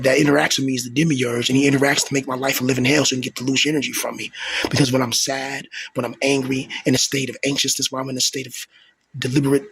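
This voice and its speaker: A man's voice: mid-range voice, fairly bright tone, breathy edge. A man in his thirties venting in a rambling monologue, stumbling and repeating words, with coarse, profane street talk. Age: 30s. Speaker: vlogger.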